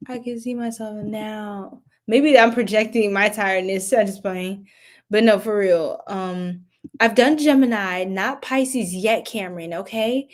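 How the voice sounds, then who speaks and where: Slow-talking chatty woman tarot reader. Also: mid-range voice. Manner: chatty, giggly, talks to viewers in chat. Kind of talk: casual live tarot reading.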